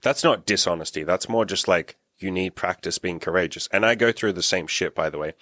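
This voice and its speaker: A man's voice: sits low, a little fast, pushed and bright, no room sound. A man hosting a casual roundtable as a dating and business coach, blunt, joking and profane.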